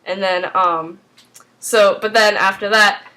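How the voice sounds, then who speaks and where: A woman's voice: medium pitch, fairly even intonation, slow, pushed and bright. A woman casually recapping a TV episode, rambling with lots of fillers. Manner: rambling, full of "like" and "um". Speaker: TV recap vlogger.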